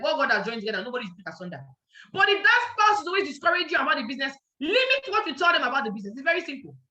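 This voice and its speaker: A woman's voice: high voice, bright, forceful tone. A Nigerian woman giving a motivational network marketing training, emphatic and repeating her points as she checks that listeners are following. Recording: echoey, dull lo-fi sound.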